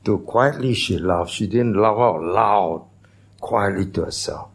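A pastor preaching a sermon in a church, teaching in a conversational way and putting questions to the congregation. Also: male voice, fairly low pitch, unhurried, breathy edge.

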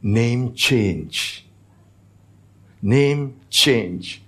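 A man's voice: mid-range voice, lively intonation, extremely slow, a bit bright, breathy edge. A man preaching a sermon as pastor, teaching, asking the congregation questions, with non-native phrasing.

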